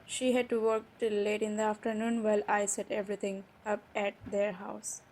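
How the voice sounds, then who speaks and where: A young adult woman performing an improvised audio roleplay, chatting quickly through her story in a casual, rushed way. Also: medium pitch, completely flat delivery, a little mellow, a little hiss or hum, low-quality recording.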